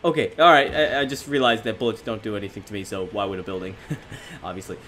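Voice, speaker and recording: A young man giving excitable, self-mocking gameplay commentary as a gaming YouTuber, often laughing at himself. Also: on the low side, fast talker, a little hiss or hum.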